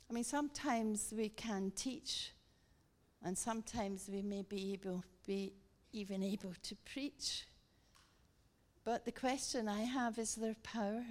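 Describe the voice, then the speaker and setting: A middle-aged woman giving a guest sermon, telling a story with animated emphasis and emphatic repetition. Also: a little high. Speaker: guest speaker.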